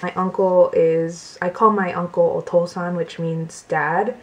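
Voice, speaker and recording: A young woman chats to her camera from her bedroom, unhurried and soft-spoken. She gushes over each item with gasps and little laughs, in a casual vlog tone. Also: on the low side, fairly even intonation, noisy background. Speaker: beauty vlogger. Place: bedroom at home.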